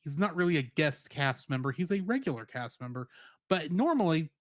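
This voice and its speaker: A man's voice: fairly high pitch, very animated, fairly quick, dry recording, clean studio sound. A man co-hosting a podcast, chatting casually and animatedly, laughing often as he rattles off trivia. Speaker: podcast co-host. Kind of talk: casual review chat.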